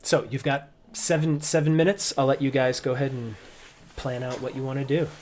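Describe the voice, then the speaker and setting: A man's voice: mid-range voice, flat delivery, a little fast, darkish tone, slight background noise. A man narrating as game master, stumbling and restarting his sentences often. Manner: hesitant, many restarts and ums.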